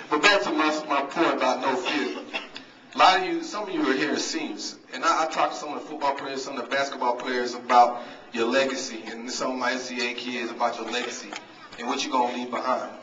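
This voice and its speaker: A coach addresses the crowd head-on at a banquet, sharing stories in a humorous, motivational guest speech. He has a mid-range voice that stays steady and sharp at a fairly quick pace. A distant mic in the big echoey hall makes it sound dull.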